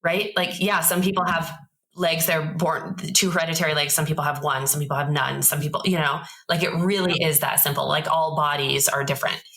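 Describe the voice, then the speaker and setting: A woman in her thirties, a podcast guest telling a story in a casual, animated way and acting out the voices of the people in it. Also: sits low, brisk, low-quality recording.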